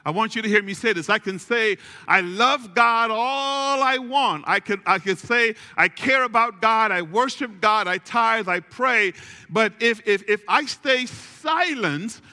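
A male pastor delivers a sermon in a bright, high voice. He leans on repetition and slow, emphatic phrasing and calls for the congregation to answer. The sound carries a long reverb, as in a large church sanctuary. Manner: preaching with call-and-response, slow emphatic repetition.

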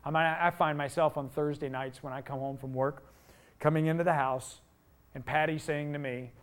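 A middle-aged man preaching a sermon, telling the story with rhetorical questions and rising to loud emphasis. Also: a little high, normal speed. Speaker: pastor.

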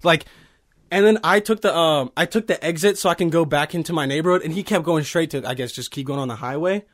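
A man's voice: fairly high pitch, fast, fairly bright tone. A man in his early twenties, from Bosnia, telling a heated, profane story in casual chat. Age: early 20s.

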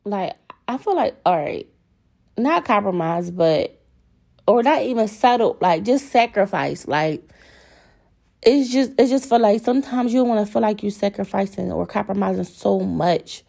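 A young woman talks straight to her listeners in a casual podcast monologue. She is blunt and profane and keeps calling out to "y'all" as she gets heated. Her pitch sits in an ordinary middle range for a woman. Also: lively intonation, normal speed, creaky, warm tone. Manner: candid, profane, worked up, addresses listeners as y'all. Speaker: podcast host.

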